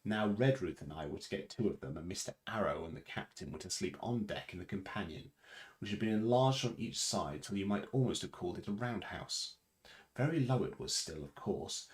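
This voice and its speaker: A man reading a novel aloud for a charity stream, with occasional stumbles and restarts, lifting his voice for quoted dialogue. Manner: unpolished reading with restarts and self-corrections; varies pitch and loudness for dialogue. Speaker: reader.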